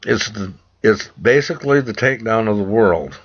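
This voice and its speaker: Low-voiced guy from the states, preachy urgent rant to camera, muffled lo-fi sound. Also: animated, moderate pace, slightly rough. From United States. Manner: urgent, preachy, repeats himself. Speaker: vlogger. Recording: dull lo-fi recording.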